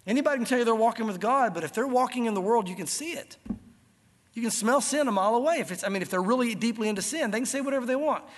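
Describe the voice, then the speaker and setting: A man's voice: very high-pitched, animated, rapid-fire, in a large hall. A man preaching an expository sermon, explaining scripture and acting out the biblical characters as he goes. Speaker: pastor.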